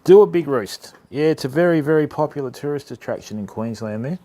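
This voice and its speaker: A man's voice: fairly high pitch, animated, a little fast, warm tone. A man with an Australian accent hosting a casual fishing livestream, chatting with viewers and calling them mate. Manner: chatty, greets viewers by name, calls them mate and fam. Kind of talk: casual live stream chat.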